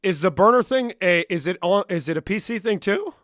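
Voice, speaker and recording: A man's voice: sits high, expressive, a little fast, fairly bright tone, no echo, studio quality. A young man chatting on a live stream, bantering with viewers in a profane, joking way and slipping between English and Spanish. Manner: profane, bantering, answers chat questions aloud. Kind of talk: casual live-stream chat.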